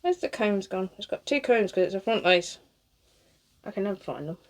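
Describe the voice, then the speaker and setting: A British cosplayer in her thirties chats casually while styling a wig, rambling, swearing freely and laughing often. Her voice is medium-pitched and animated, at a normal speed.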